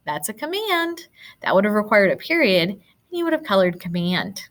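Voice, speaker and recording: A woman's voice: mid-range voice, sing-song, normal speed. A woman teacher going patiently through worksheet answers step by step, encouraging her pupils as she explains. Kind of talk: recorded classroom lesson.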